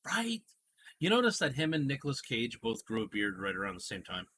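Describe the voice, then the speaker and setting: A man's voice: medium pitch, huge pitch swings, brisk, bright, forceful tone, a little hiss or hum. A man hosting a casual podcast chat, retelling a TV scene in a rambling, storytelling way. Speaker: podcast host.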